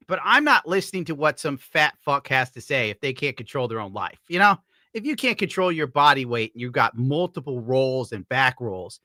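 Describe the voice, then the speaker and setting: A man's voice: fairly high pitch, pushed and bright, no room sound, clean studio sound. A man from upstate New York giving crude, sarcastic commentary while browsing, laughing often. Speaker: streamer host.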